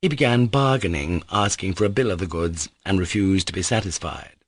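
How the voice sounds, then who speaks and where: A man narrating a classic novel as an audiobook in a steady, measured way. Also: sits low, dry recording. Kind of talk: scripted narration.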